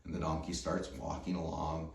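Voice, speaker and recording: A man casually talking through his gear in a relaxed, rambling way, full of fillers and restarts. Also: extremely low pitch, normal speed, gravelly. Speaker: vlogger reviewing gear. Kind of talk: casual product talk. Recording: roomy, distant mic.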